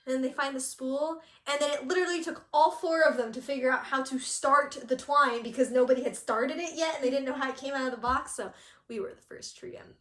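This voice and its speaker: Animated woman telling a story, echoey room. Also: high voice, fairly quick. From Southern California. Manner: animated, laughing, acting out quotes. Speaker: co-host of a cross-stitch channel. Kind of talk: casual storytelling chat.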